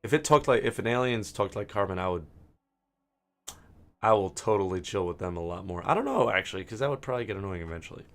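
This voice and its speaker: Hoarse, profane man ranting over gameplay. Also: fairly low pitch, lively intonation, fast talker. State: hoarse throat. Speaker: gaming channel host. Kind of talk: casual rambling commentary while gaming.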